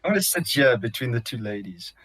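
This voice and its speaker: A man's voice: medium pitch, very animated, quick pace, fairly bright tone. A man playing a tabletop game, stammering and pleading in character. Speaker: player. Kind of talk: casual tabletop role-play.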